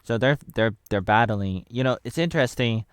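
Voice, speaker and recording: Smooth-voiced man rambling through a review. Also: medium pitch, normal speed, dry recording, studio quality. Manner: rambling, loose and offhand. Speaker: movie reviewer. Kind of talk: casual spoken movie review.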